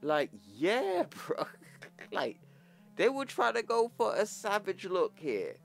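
A man's voice: sits high, sing-song, measured pace, vocal fry, a bit bright, faint music behind. A man casually recapping a comic book, talking in slang with some swearing. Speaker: YouTuber.

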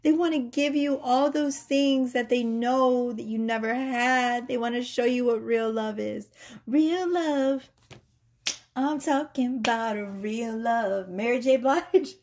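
A woman's voice: fairly high pitch, creaky, a little mellow. A woman tarot reader chatting casually with viewers, giggly, playful and sassy, laughing often. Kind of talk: casual tarot reading chat.

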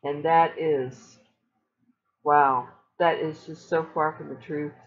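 A woman's voice: sits low, steady tone, slow pace, phone-quality sound. A woman preaching casually to her viewers, earnest and emphatic, with repeated phrases for stress. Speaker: online Christian speaker.

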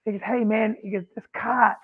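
A man with a high voice tells animated stories about running a comedy club, acting out the people in them. He comes through a thin, phone-like line. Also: brisk, slightly rough. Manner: animated storyteller acting out quotes. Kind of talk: casual storytelling on a podcast.

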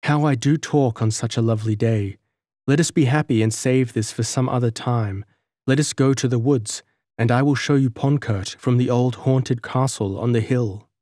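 A man's voice: mid-range voice, normal speed, dry recording, clean studio sound, lightly acted. A man voicing a wistful young gypsy girl. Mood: coaxing. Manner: soft, sorrowful, teasing.

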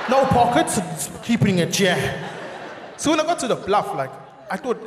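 A South African comedian in his thirties, talking high and with a wide swing in pitch as he acts out shouting neighbours. His voice rings through a big, echoey theatre hall with a long reverb tail. A faint audience can be heard behind him. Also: normal speed, noisy background. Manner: animated, acts out shouting characters, laughs at own jokes. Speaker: stand-up comedian. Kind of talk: stand-up comedy. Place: large theatre stage. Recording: roomy live theatre sound with audience.

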